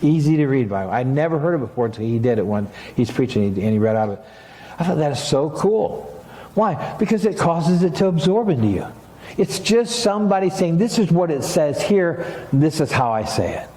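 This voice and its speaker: Lively conversational preacher, a man. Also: a little high, fairly quick, reverberant. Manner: conversational preaching with rising emphatic passages. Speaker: pastor. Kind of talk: sermon. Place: church sanctuary.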